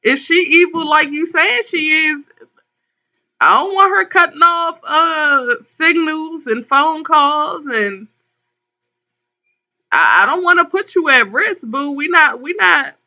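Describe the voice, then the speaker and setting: A woman's voice: high voice, slow, bright, forceful tone. A woman hosting a live tarot call-in stream. She reads viewer comments aloud and talks to her viewers in a concerned, casual way, calling them pet names. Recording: dull lo-fi stream audio.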